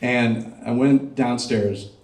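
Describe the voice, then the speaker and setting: A middle-aged man performing a stand-up comedy set, doing crowd work and dropping deadpan dark punchlines on a club stage. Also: medium pitch, slow pace. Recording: roomy club sound, mic picked up from a distance.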